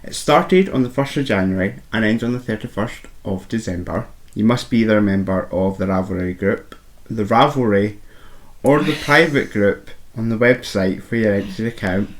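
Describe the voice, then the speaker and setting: A man's voice: on the low side, moderate pace. A man co-hosting a podcast who reads the rules in a playful, teasing way. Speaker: podcast co-host. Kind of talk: casual chat.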